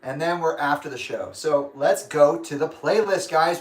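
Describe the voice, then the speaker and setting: Young male streamer, grumpy and rambling, fairly high voice, echoey room. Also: moderate pace. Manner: grumpy, rambling, laughs often. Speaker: livestream host. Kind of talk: casual livestream chat.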